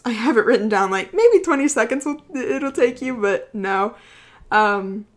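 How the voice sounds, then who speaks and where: A woman of about twenty hosting her own podcast, chatting casually, rambling and giggling often. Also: mid-range voice. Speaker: podcast host. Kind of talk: casual chat.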